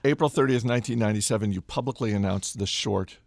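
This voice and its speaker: A man hosting a podcast, leading a relaxed conversational interview and telling stories with acted-out quotes. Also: lowish voice, fast talker, vocal fry, no room sound. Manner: relaxed storyteller who acts out quoted voices. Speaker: podcast host.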